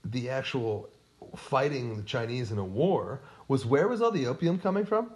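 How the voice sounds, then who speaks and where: A man's voice: mid-range voice, animated, normal speed, a little mellow. A man co-hosting a casual history podcast, quizzing his co-host in a playful way.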